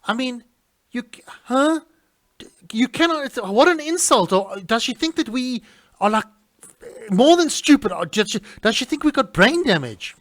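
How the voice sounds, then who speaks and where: A middle-aged man hosting a radio show, his voice pitched high for a man and swooping up and down as he talks. He sounds indignant and animated, stumbling and restarting his sentences. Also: moderate pace. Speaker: radio host. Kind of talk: casual talk-radio monologue.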